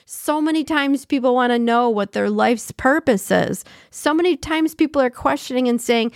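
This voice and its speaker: A woman hosting a podcast in a casual, chatty way, reading short passages and then riffing on them with animated asides and easy laughter. Her voice sits a little higher than average. The recording is close and dry, with no room sound. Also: normal speed, no room sound. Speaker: podcast host.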